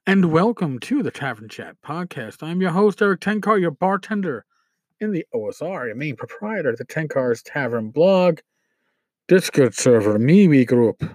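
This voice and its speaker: Lively rambling male podcast host. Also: fairly high pitch, moderate pace, no echo. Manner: rambling and irreverent, with profanity and asides; stumbles over words while reading aloud. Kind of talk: casual podcast chat.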